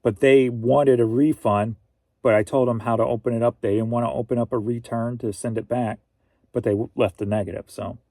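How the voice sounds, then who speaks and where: A man's voice: medium pitch, steady tone, a little fast, dark tone, dry recording. A middle-aged man from Missouri hosting a casual livestream, rambling easily and reading viewer comments aloud. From Missouri, USA. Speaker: host.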